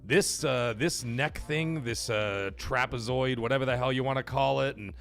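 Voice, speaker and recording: A middle-aged man hosting a live gaming stream, shouting hype and joking shout-outs to his chat. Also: mid-range voice, normal speed, gravelly, soft background music.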